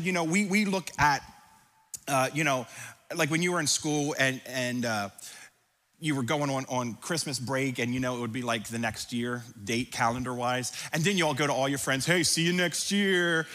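A pastor preaching a sermon, reading scripture aloud with dramatic emphasis and breaking into conversational asides. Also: male voice, on the high side, bright, forceful tone. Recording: long hall reverb.

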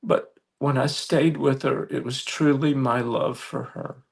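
Gravelly, husky-voiced preacher man. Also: medium pitch, fairly even intonation, darkish tone. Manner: earnest, halting restarts building to emphatic appeals. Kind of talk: storytelling sermon.

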